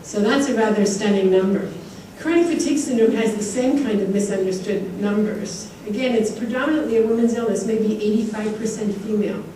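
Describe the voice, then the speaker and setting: A woman's voice: mid-range voice, fairly quick, warm tone, a little hiss or hum. A woman giving an earnest conference acceptance speech, telling stories and repeating words for emphasis. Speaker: award recipient giving a speech. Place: large conference hall. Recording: echoey hall, heard from far off.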